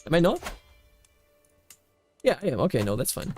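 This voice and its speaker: A man from Bavaria chats his way through a strategy game, voice sitting a bit high. He rambles, repeats himself and breaks off to react to what happens on screen. Soft music plays faintly behind him. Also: very animated, normal speed. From Bavaria, Germany. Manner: rambling, reacts aloud to the game, frequent fillers and restarts. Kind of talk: casual gameplay commentary.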